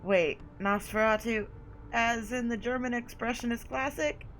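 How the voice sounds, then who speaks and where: A woman's voice: on the high side, fairly even intonation, measured pace, slight background noise, lightly acted, rough recording. A woman voicing a sarcastic, defiant young male fledgling vampire in a story game.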